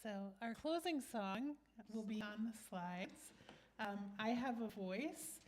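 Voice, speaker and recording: A woman's voice: medium pitch, takes it slowly, slight background noise. A woman song leader introducing a congregational song in a synagogue, speaking hesitantly with fillers. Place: synagogue sanctuary. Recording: guitar music playing loudly behind.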